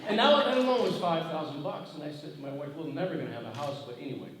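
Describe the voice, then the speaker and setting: Middle-aged man telling lively stories in an echoey hall. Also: fairly high pitch, fast talker, a crowd in the background. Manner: animated, self-mocking, salty language, laughs often. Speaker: author on a panel. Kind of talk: anecdotal storytelling on stage. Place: large hall at a festival. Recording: echoey hall, far-off mic, noisy.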